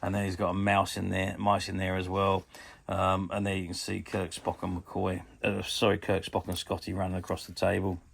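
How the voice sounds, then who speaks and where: Man, fifties, husky rough voice, casual show-and-tell review, hesitant pauses. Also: low-pitched, completely flat delivery, fairly bright tone. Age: 50s. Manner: chatty and hesitant, often pausing with ums. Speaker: toy collectables dealer.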